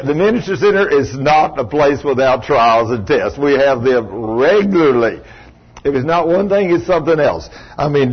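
A man with a slightly high, breathy edge preaches a sermon like a lively storyteller, acting out the voices of those he quotes. The recording is dull and lo-fi.

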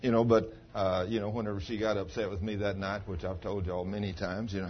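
A man's voice: on the low side, steady tone, brisk, few pauses. A man preaching a chatty, folksy sermon and teasing members of the congregation by name. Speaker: pastor. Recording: dull sound with faint background noise.

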